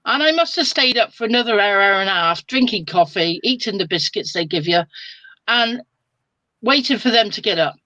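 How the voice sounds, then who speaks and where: A woman's voice: medium pitch, moderate pace, dry recording, highs cut off. An older woman tells a story in a chatty, colloquial way. Her voice sits at a middle height and sounds close and dry, with no room around it. She talks over a video call. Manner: chatty and lively, with colloquial exclamations. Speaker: spiritual medium guest. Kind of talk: casual storytelling on a live video chat.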